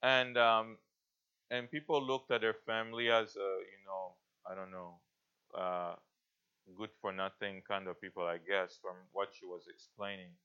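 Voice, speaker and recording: A male pastor preaching a sermon in an earnest, halting way, often restarting his sentences. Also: deep voice, steady tone, pushed and bright, smooth. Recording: dull lo-fi recording.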